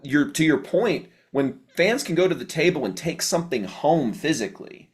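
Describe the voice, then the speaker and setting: A man's voice: a little high, sing-song, moderate pace. A man hosting a music business interview, talking in a casual, agreeable way. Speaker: podcast host.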